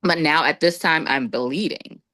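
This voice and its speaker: A woman guest on a podcast, telling a personal story in a casual, lively way and acting out what others said. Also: unhurried, dry recording. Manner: lively, acts out quoted voices with big pitch jumps.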